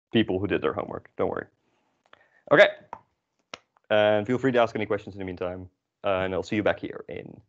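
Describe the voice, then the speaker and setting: A man runs a relaxed beginner language class, explaining at an easy pace with plenty of ums and asides. His voice sits a bit low. The recording sounds dull and lo-fi. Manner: relaxed, chatty, explains with many fillers. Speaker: Dutch language teacher. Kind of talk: casual classroom lesson.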